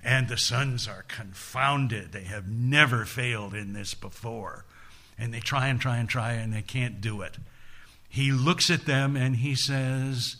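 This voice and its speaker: Male lecturer, humorous storyteller, unhurried with a bright, clear tone. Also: mid-range voice. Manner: playful, deliberate, folksy asides.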